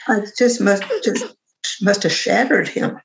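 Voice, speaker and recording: A woman's voice: medium pitch, measured pace, low-quality recording. A woman in a book group making short comments and questions to the author, a little away from the mic. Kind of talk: casual book discussion.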